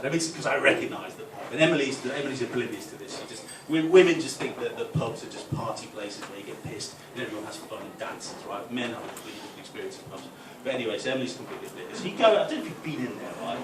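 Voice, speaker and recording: A man's voice: medium pitch, animated, fast talker, hardly any pauses. A man performing a stand-up comedy set, telling a story and tagging his lines with "right?" before a live audience. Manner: storytelling with frequent "right?" tags. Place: football club function room with a live audience. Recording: echoey room from far off, noisy ambience.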